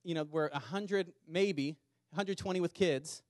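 A man's voice: a little high, no echo. Earnest man preaching in a dry room. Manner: earnest, repeats words, speeds up and slows for emphasis. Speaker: pastor. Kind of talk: sermon to a congregation. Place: small church meeting in a community center.

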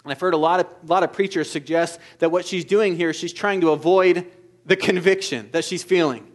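Male pastor, slightly high voice, earnest sermon delivery swinging from hushed to forceful. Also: a little fast. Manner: earnest, shifts between soft intimate asides and loud emphatic exhortation.

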